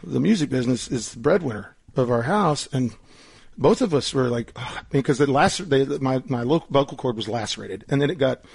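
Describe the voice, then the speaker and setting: A man, a musician being interviewed at his house, his voice raspy and hoarse from a vocal cord injury, rambling and laughing often. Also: mid-range voice, lively intonation, a little fast, darkish tone, dry recording. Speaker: musician guest. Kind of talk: casual interview chat.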